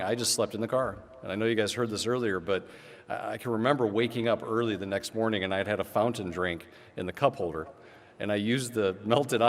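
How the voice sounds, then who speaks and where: A middle-aged man delivers an acceptance speech at a podium. His voice sits on the low side and is full of anecdotes, stumbling restarts and small laughs. The sound carries a long reverb from a large hall. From Illinois. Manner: storytelling with frequent restarts and chuckles. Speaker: Hall of Fame inductee giving a speech.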